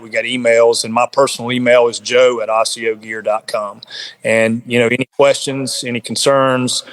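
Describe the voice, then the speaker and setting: A man who is a podcast guest, telling a hunting story in a casual, animated way and often repeating words. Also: mid-range voice, smooth. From South Carolina. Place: home, on a remote call.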